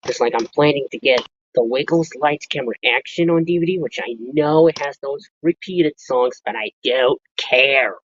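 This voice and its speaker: A man's voice: mid-range voice, moderate pace, hardly any pauses, slight background noise. A man calling in as a guest on a chat stream, talking plainly and a little hesitantly. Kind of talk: casual chat on a call. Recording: dry lo-fi call audio.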